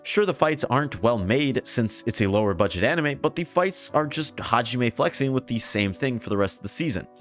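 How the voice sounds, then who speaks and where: A man's voice: mid-range voice, fairly bright tone. A young man giving a casual, frustrated anime review, often swearing and exasperated.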